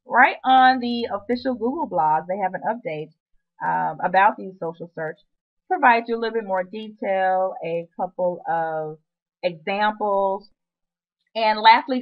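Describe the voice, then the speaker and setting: A woman's voice: medium pitch, dull audio. A woman presenting a screen-recorded web marketing tutorial, chatty and upbeat with playful asides.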